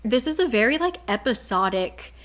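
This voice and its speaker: A woman casually retelling a book's plot, chatty and animated, filling her speech with "like" and briefly mimicking the characters. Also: a little high, moderate pace. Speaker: book summary vlogger.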